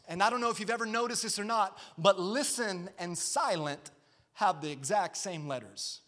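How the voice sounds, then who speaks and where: A man preaching a sermon as pastor, with energetic, punchy delivery that builds in emphasis. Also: high voice, normal speed. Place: church sanctuary. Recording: long hall reverb.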